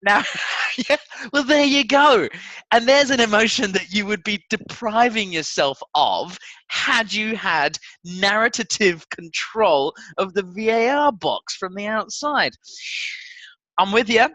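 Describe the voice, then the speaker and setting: A man co-hosting a sports podcast in casual chat, excitable and laughing often. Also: high voice, takes it slowly, no echo. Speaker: podcast co-host.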